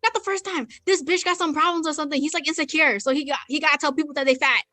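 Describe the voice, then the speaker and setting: A woman's voice: high voice, fairly even intonation, rapid-fire, pushed and bright, dry recording. A young woman co-hosting a podcast, telling stories bluntly with lots of swearing and quoted comebacks. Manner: blunt, profane storytelling with quoted retorts. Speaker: podcast co-host. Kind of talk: casual chat. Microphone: podcast microphone.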